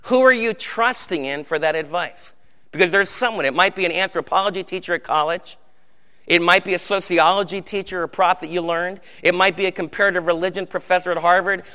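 A man's voice: sits high, a little fast, pushed and bright. A man preaching a sermon as pastor, conversational, with rhetorical questions to the congregation. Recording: hall reverb.

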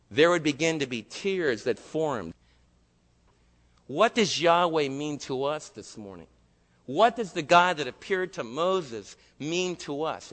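A man's voice: on the high side, a bit bright. A man preaching a sermon in a church, emphatic and full of rhetorical questions. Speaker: pastor. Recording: long hall reverb.

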